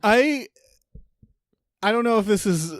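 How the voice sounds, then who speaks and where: A man's voice: high-pitched, lively intonation, takes it slowly, dry recording, clean studio sound. A man co-hosting a podcast in casual chat, rambling and laughing often, cursing now and then. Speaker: podcast co-host.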